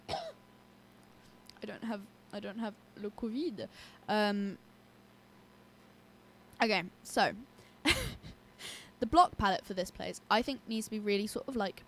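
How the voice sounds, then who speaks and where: A woman's voice: medium pitch, a little hiss or hum. A young British woman chatting casually and rambling as she commentates her own gameplay, with giggles and cut-off swears. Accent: British English. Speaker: gaming YouTuber. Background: her own song playing faintly.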